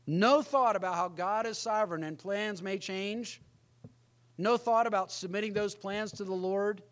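A man's voice: sits high, normal speed, fairly bright tone. A middle-aged man preaching a sermon as pastor, emphatic, often acting out the voices of others.

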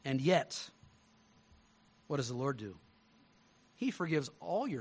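A male pastor preaching a sermon, telling stories with lively swings between loud emphasis and hushed tones. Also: medium pitch, takes it slowly, long pauses, slightly rough.

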